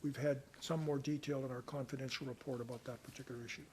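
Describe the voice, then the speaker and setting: An older man answering reporters' questions at a news conference, measured and earnest, sometimes reading passages aloud. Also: medium pitch, fairly even intonation, a little mellow, slightly rough. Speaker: special rapporteur answering press questions.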